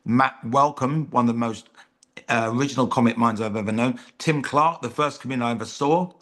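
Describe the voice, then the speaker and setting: A man's voice: mid-range voice, a little fast, fairly bright tone. A British man, a comedian guest, chatting casually and telling self-deprecating stories with plenty of ums. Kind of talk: casual chat.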